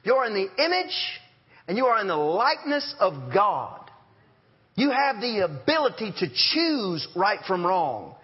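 A man's voice: sits high, very animated, unhurried. A man preaching a sermon in a folksy, storytelling way, joking and acting out sounds. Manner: folksy storytelling with jokes and animal voices. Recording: dull lo-fi sermon recording.

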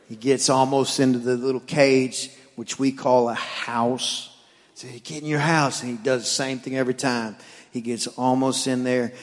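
A man who is a pastor, preaching a sermon in an animated storytelling manner that moves from playful to earnest. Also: mid-range voice, in a large hall.

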